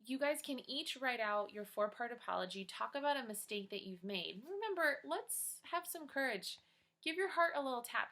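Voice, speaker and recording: A woman's voice: on the high side, sharp tone. A woman teacher talking to children in a video lesson from home, in a chatty, encouraging manner. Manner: upbeat, encouraging, chatty with the kids. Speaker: teacher giving a daily check-in to children.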